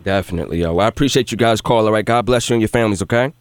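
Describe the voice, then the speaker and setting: A man hosting a call-in show, speaking haltingly and often repeating his words. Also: on the low side, clear, resonant tone, no echo, studio quality. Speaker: radio show host.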